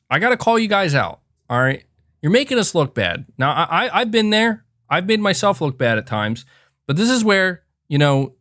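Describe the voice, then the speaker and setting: A man's voice: a little high, a bit bright, no echo, studio quality. A man hosting a live podcast, chatting casually and rambling through reflections with lots of fillers and restarts. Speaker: podcast host. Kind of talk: casual livestream chat.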